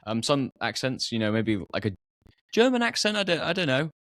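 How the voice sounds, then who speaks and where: A man's voice: medium pitch, big pitch swings, fairly quick, fairly bright tone, dry recording, clean studio sound. A young British man hosting a podcast, chatting casually about English accents, with frequent fillers and restarts. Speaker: podcast host.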